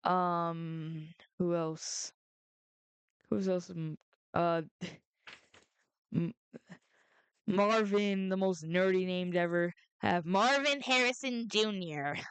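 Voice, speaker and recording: A woman rambling through her weekly football picks, halting and restarting often, getting excitable when something outrages her. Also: medium pitch, clear, resonant tone, dry recording. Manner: rambling, halting, frequent restarts and self-corrections. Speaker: sports prediction vlogger. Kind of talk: casual rambling commentary.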